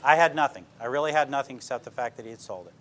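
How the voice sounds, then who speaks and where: Over a noisy background, an older police detective talks rapid-fire in a medium-pitched voice. He's giving an informal talk to a live class, plainspoken and packed with anecdotes he checks in on with his listeners.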